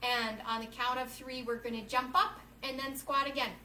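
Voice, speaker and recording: A woman's voice: high voice, steady tone, normal speed, pushed and bright, a little hiss or hum. A woman children's yoga instructor reading a storybook aloud and guiding children through poses at home, upbeat and encouraging, calling them "friends". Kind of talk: reading a storybook while leading kids' yoga. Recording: roomy sound from a distant mic with faint ambience.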